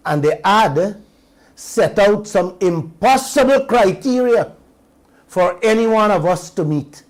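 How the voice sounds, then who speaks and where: A man's voice: high voice, lively intonation, takes it slowly. A Guyanese man hosting a radio talk show, giving an impassioned commentary full of rhetorical questions to his listeners and slipping between standard English and creole.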